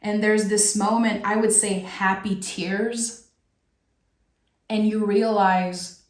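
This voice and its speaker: A woman with a French accent gives a soulful tarot reading, unhurried and reflective, breaking into restarts and a giggly lightness. Her mid-pitched voice carries in a roomy, echoing space. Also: little pitch movement. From France. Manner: giggly, talks with many restarts. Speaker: tarot reader.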